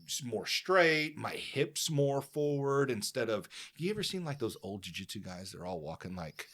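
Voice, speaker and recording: A man's voice: medium pitch, animated, moderate pace, fairly bright tone. A man hosting a podcast, talking in a loose, profane, rambling way with lots of fillers. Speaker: podcast host. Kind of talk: casual chat.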